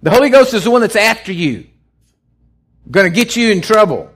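A man's voice: high-pitched, a little fast, slightly rough. A man preaching an off-the-cuff sermon, acting out voices as he goes. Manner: animated, acts out voices in his storytelling. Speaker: pastor.

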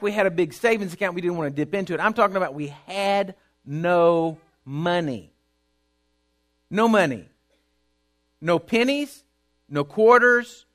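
High-voiced preacher, shouting in bursts. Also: male voice. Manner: rising to shouting, emphatic repetition. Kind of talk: sermon.

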